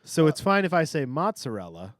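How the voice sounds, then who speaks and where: A man's voice: a little high, very animated, brisk. A man co-hosting a podcast, ranting sarcastically and swearing freely. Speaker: podcast co-host. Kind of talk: casual chat.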